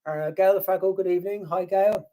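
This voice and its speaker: A man's voice: high-pitched, fairly even intonation, fairly quick, dark tone. Chatty British man on a live stream. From United Kingdom. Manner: chatty and self-deprecating, swears casually. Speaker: YouTube grave-visiting channel host. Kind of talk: casual live stream chat, reading viewer comments. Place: at home.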